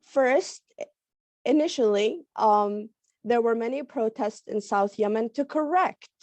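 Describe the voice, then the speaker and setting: A woman with a cold and a raspy voice, giving a halting panel talk on a video call with many fillers. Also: medium pitch, a little mellow, dry recording. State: hoarse from a cold. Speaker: panel speaker. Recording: dull lo-fi video call audio.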